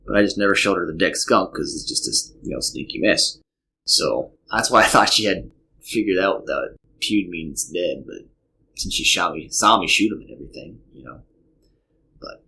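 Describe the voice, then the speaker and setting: Deep gravelly man telling a story. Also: fairly bright tone. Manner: rambling, full of "you know" asides. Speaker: podcast host. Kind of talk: casual storytelling.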